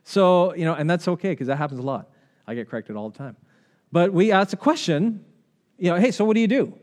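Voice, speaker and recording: A man's voice: fairly high pitch, expressive, fairly quick. A man preaching a conversational sermon, reading scripture and asking the congregation questions. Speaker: pastor.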